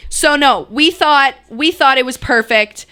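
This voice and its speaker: High-voiced animated young woman storyteller. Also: measured pace. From Canada. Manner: animated, laughing, acts out quotes. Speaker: podcast co-host. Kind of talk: casual storytelling chat.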